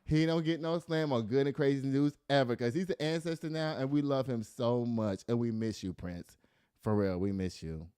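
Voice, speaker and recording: A man's voice: mid-range voice, normal speed, smooth, dry recording, studio quality. A middle-aged man hosting casual news commentary, reading stories aloud and riffing with laughter. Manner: animated, laughing, reads stories aloud then riffs.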